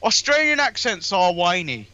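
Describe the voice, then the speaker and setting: A man with a London accent co-hosting a casual chat show, chatty and quick to giggle. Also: sits high, sing-song, pushed and bright, lo-fi sound. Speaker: co-host.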